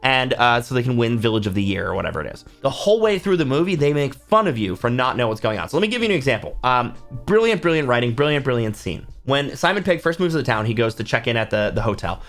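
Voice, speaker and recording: A male book channel host talking casually to camera in a mid-pitched voice. He gets animated, acting out reactions with gasps and sudden whispers. Faint music sits underneath. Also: fast talker. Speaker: book YouTuber and author. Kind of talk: casual talk to camera about films.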